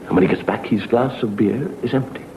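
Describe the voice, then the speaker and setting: A middle-aged man, a comedian and host, telling a spooky tale slowly and dramatically, dropping to a hush in places, on a dull, hissy old TV recording. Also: on the low side, gravelly. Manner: slow, dramatic, hushed in places. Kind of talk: theatrical storytelling.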